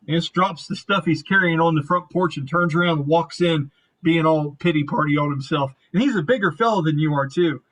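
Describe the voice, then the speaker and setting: A man's voice: on the high side, a little fast, a bit bright, poor audio. A man acting as game master, narrating a tabletop game in a casual, rambling way and swearing now and then.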